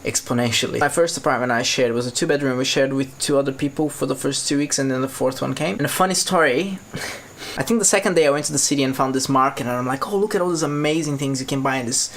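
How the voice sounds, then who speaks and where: A man in his twenties from Brazil, with a Brazilian Portuguese accent, telling stories in a casual vlog, animated and laughing often. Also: fast talker, slight background noise. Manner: animated, laughing often, acting out quotes in a higher voice. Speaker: vlogger.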